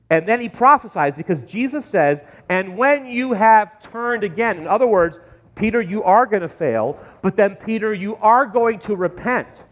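A male pastor preaching a sermon in a church, talking in an animated way with sudden jumps in pitch and loudness. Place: church sanctuary. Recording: long hall reverb.

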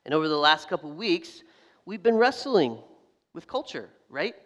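A man preaching a sermon as a pastor, telling a story in a lively way and acting out the voices of people in it. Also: a little high, normal speed. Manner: animated storytelling, acts out quoted voices, laughs. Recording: long hall reverb.

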